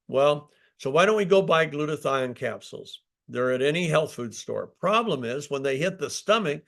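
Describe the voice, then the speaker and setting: Older guy, founder talking live, gravelly and a bit high, lots of uh and um, keeps restarting. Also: fairly bright tone. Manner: storytelling, emphatic, with frequent fillers and restarts. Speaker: company founder. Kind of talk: live product talk.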